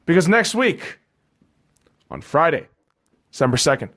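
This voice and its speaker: A man hosts a sports podcast in a loose, profane rant. His pitch swings widely, jumping high when worked up and sinking low and flat as he reads off scores. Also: measured pace. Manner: heated, swearing constantly, drops low and flat reading scores. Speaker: podcast host.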